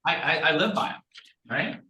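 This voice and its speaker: Male guest coach, animated and emphatic, bright tone, roomy echo. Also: on the high side, moderate pace. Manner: animated, emphatic, acts out sample conversations. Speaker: guest speaker, recruiting coach. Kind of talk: energetic coaching talk on a video call. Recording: echoey room.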